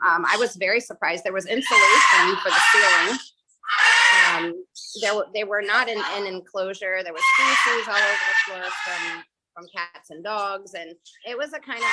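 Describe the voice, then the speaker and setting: A woman's voice: mid-range voice, normal speed. A woman directing a parrot rescue, giving a chatty walkthrough tour on a video call with lots of filler ums and sweet baby talk to the birds. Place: indoor bird rescue room. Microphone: phone or laptop on a video call. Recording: loud bird noise over a call. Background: loud squawking and chirping birds.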